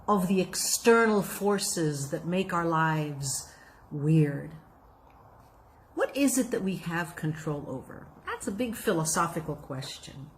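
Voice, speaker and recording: A woman telling a folk tale in an expressive, reflective way, then drawing out its lesson. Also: on the low side, a little hiss or hum. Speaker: storyteller. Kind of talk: folk tale storytelling with a moral.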